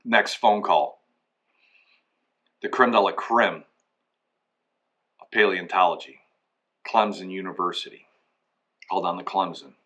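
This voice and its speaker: A man's voice: sits low, fairly even intonation, unhurried, pauses often, a bit bright. A man telling a rambling comedic story, acting out both sides of each conversation. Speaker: comic storyteller. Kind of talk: comedic anecdote monologue.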